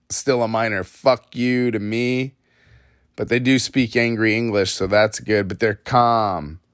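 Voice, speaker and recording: A man's voice: medium pitch, no room sound, studio quality. A man hosting a solo podcast, ranting in a rambling, self-mocking, profane way. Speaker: podcast host.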